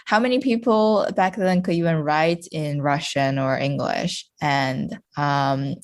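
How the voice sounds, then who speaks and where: A woman's voice: low-pitched, steady tone, slow. A woman from China chatting as a podcast guest, talking casually with lots of fillers and frequent laughter.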